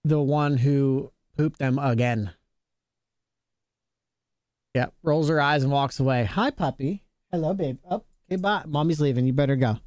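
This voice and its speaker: A man's voice: mid-range voice, normal speed, darkish tone, no room sound, studio quality. A male streamer chatting casually with viewers, joking around, laughing often and greeting chatters by name.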